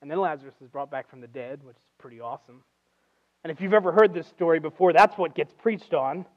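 A man giving a sermon as a guest preacher, telling stories casually and acting out quotes, dropping to a hush and rising to loud emphasis. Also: fairly high pitch, fast, phone-quality sound. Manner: conversational storytelling, acts out quotes, swings from loud to hushed. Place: church.

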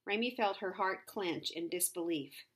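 A woman's voice: medium pitch, moderate pace, fairly bright tone. A woman reading a novel aloud, adding conversational asides with hesitant fillers. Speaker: reader.

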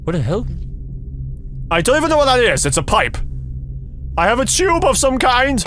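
A young man comments on a horror game as he plays it, mocking the game and cursing freely. His voice sits high and swings widely in pitch. He breaks into nervous laughs and jumpy yelps. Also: big pitch swings, moderate pace, long pauses, a bit bright, no echo. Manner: sarcastic, swearing, talking to the game. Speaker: gaming streamer.

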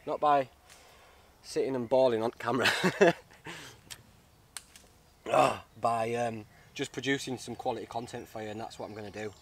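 A man's voice: mid-range voice, steady tone, moderate pace, pauses often, slight background noise. Chatty man outdoors. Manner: chatty and heartfelt, says mate. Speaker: bushcraft vlogger. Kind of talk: casual outdoor vlog. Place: woods outdoors.

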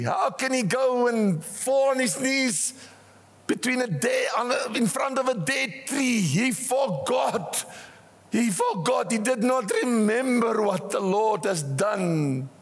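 An older man with a South African accent preaching a passionate sermon, swinging between rising cries and hushed asides, in a church. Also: very high-pitched, breathy edge. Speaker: pastor. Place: church hall. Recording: church hall reverb.

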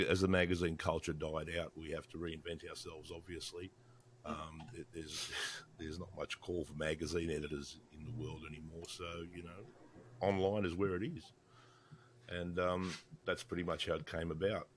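An Australian man in his sixties with a low, deep voice, speaking over a video call with a faint hiss behind him. He is blunt and profane and breaks into laughter often. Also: a bit bright. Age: 60s. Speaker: podcast guest, motorcycle writer. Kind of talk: casual video-call chat.

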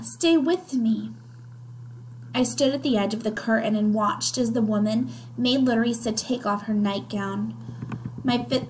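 A woman's voice: on the high side, a little hiss or hum, low-quality recording. A woman reading a children's novel aloud, narrating expressively in the first person. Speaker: reader.

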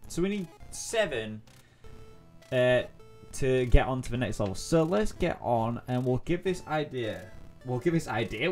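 A young man talks through a platform game in a loose let's-play style, reacting out loud and repeating short phrases under pressure. His voice sits at a plain middle pitch. Faint game music plays underneath. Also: a little slow. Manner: excitable, thinks aloud, repeats himself. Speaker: gaming YouTuber.

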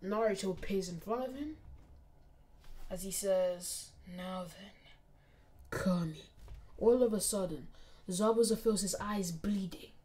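A woman reading out a fan fiction story in plain, steady narration with casual asides. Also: mid-range voice, measured pace.

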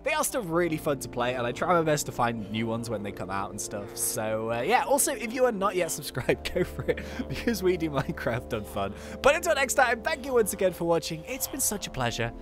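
A man hosting a game video, excitably playing and commenting, with frequent exclamations and laughs. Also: a little high, fairly quick, few pauses, over music.

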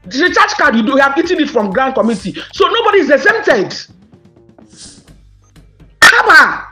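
A woman with a Nigerian accent speaks passionately to subscribers over soft background music, mixing Pidgin and English and posing outraged questions. Her high-pitched voice swings widely, sounding pushed and bright, at normal speed.

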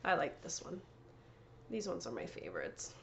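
A woman's voice: deep voice, wildly swooping pitch, moderate pace, muffled recording, noisy background. A woman hosting a knitting podcast, chatting casually and showing off her yarn and prizes, often correcting herself and laughing. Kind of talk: casual show-and-tell chat.

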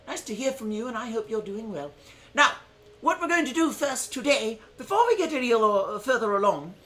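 A man's voice: very high voice, fairly bright tone, slight background noise. A man hosting his first live stream, chatting casually in a playfully dramatic, self-mocking way. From United States.

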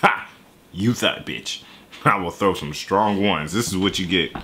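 A man's voice: deep voice, measured pace, bright, forceful tone. A man in his twenties giving casual, jokey reaction commentary on a song, jumping into voices and asides. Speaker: music reaction YouTuber.

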